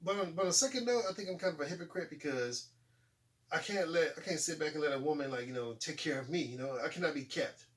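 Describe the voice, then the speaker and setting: A man's voice: a little high, fast talker, distant mic. A man in his forties hosting a casual talk show, telling stories with laughs and acting out what people said. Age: 40s. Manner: animated, laughing storyteller acting out quotes. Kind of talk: casual chat.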